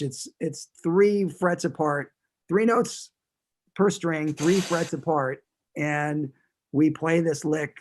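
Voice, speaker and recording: Man, guest musician, casual interview, rambling, slightly higher voice. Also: a little mellow. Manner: rambling, many restarts.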